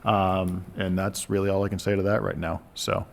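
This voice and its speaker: A man's voice: low voice, level tone, normal speed, gravelly, a little hiss or hum. A man with a Boston accent giving staff updates at a town meeting, chatty and full of ums. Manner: chatty, filler-heavy. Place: meeting room.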